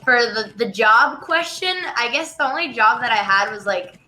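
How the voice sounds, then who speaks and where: An eighteen-year-old woman on a stream call, bubbly and a bit flustered. Her voice is bright and fairly high, with a crisp, forward tone. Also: expressive, moderate pace, a little hiss or hum, poor audio. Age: teens. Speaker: streamer guest. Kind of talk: casual chat.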